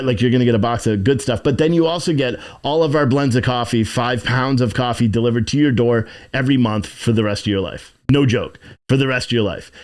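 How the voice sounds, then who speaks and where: A man hosting a casual livestream from inside his shop, rambling and swearing as he reads chat comments and plugs his business. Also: medium pitch. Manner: rambling, profane, plugging his own business. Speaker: livestream show host.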